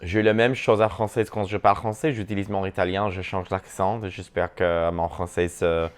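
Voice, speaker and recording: A man chatting casually as he reacts to a video, playful and quick to swear. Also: low-pitched, fairly even intonation. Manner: switches languages mid-thought.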